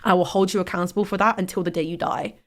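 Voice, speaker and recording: A woman's voice: lowish voice, fairly even intonation, racing. A young woman in casual chat, talking with passion and getting heated, swearing freely. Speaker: host.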